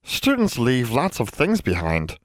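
A man voicing an old female house elf who speaks of herself in the third person, slowly and fretfully. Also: mid-range voice, huge pitch swings, no echo, studio quality, voice pushed up.

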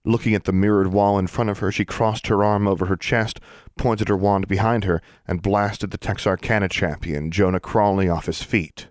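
Deep-voiced male audiobook narrator. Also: dry recording, studio quality. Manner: steady, measured reading. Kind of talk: scripted narration.

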